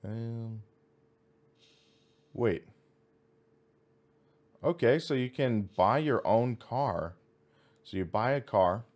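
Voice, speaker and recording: A man's voice: medium pitch, animated, very slow, pauses often, a little mellow. A man streaming a racing sim, thinking aloud as he reads out menu items and chats with viewers. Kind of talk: casual live-stream commentary.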